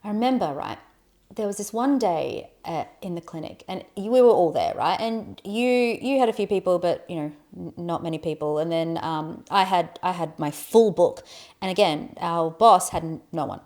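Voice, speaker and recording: Young woman co-host, lively storyteller who swears and acts out quotes. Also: lowish voice, moderate pace. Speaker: podcast co-host. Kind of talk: casual storytelling chat.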